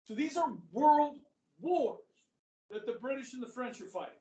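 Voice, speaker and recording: A middle-aged man teaching a high school history class, chatty, quizzing students and saying "okay" often. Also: lively intonation, normal speed, mellow, muffled recording. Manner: conversational, asks the class questions, frequent "okay". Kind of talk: classroom lecture. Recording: echoey room, voice from far off.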